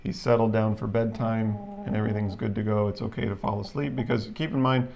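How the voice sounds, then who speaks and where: A man's voice: lowish voice, fairly even intonation, brisk, vocal fry, crowd noise. A man co-hosting a casual livestream chat, explaining things at length with frequent fillers. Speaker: livestream co-host.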